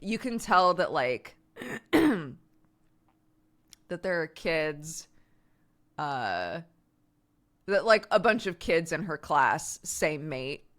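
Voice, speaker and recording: A woman's voice: low voice, big pitch swings, drawn-out words, long pauses, fairly bright tone. An American woman in her thirties, a streamer chatting casually with viewers, laughing often and filling her talk with "like.".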